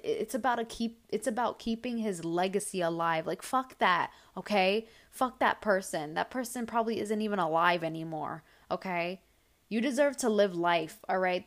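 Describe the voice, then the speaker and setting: A young woman hosting a casual advice podcast, answering listener questions bluntly and heatedly, with lots of swearing. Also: mid-range voice.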